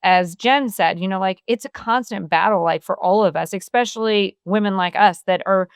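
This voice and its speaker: A woman's voice: mid-range voice, normal speed, clear, resonant tone, dry recording, clean studio sound. A middle-aged woman, a wellness author, talking in an earnest, open way as a podcast guest, with many filler phrases. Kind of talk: casual conversational interview.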